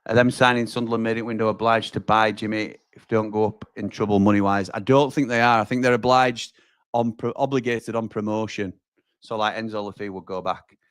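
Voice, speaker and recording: A man hosts a live football watch-along in a fairly low, steady voice at a brisk pace, with a clean tone, no echo and studio quality. Chatty, he reacts loudly to chances and reads out viewer comments, calling people pal and mate.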